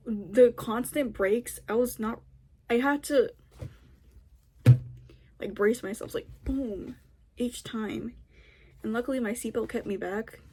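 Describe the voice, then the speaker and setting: A young woman talks casually into the camera, her voice a touch high and airy. She rambles and restarts often, padding her story with fillers as if chatting with a friend. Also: warm tone, husky. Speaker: vlogger.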